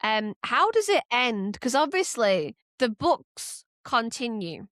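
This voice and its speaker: A woman with a Northern English accent co-hosting a podcast, chatting casually and thinking aloud with quick restarts. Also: on the high side, sing-song, a bit bright, dry recording, clean studio sound. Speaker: podcast co-host. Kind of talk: casual chat.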